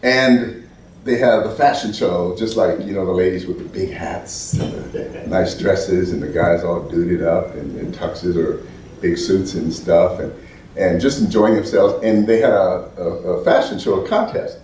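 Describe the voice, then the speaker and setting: An American man giving an animated storytelling talk at an event, restarting often and acting out the voices he quotes. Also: sits low, a little slow, a little hiss or hum. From United States. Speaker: speaker at an event. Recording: roomy hall from far off.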